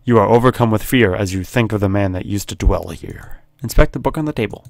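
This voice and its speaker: A man's voice: fairly low pitch, a little fast, creaky, dry recording, clean studio sound. A man hosting a gaming video, reading a horror text game aloud and making jokey asides, often laughing.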